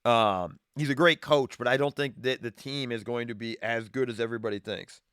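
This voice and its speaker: A man hosts a casual live stream from a home garage, talking through his picks in a rambling, self-correcting way. His voice is smooth and resonant at a middle pitch. The sound is dry and close, with little room echo. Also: fairly quick, fairly bright tone. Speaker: streaming show host. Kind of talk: casual sports betting talk. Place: home garage with wood paneling. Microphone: streaming setup, green screen.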